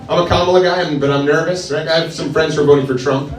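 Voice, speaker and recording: A male stand-up comedian with a hesitant, deadpan delivery full of pauses. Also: on the high side, recorded from a distance. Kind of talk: stand-up set. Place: comedy club stage with laughing audience. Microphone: handheld stage mic. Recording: roomy club sound, audience laughter.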